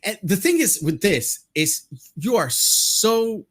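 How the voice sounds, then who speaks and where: A man co-hosting a casual movie podcast, animated, swearing freely and laughing often. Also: high-pitched, slow pace. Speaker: podcast co-host.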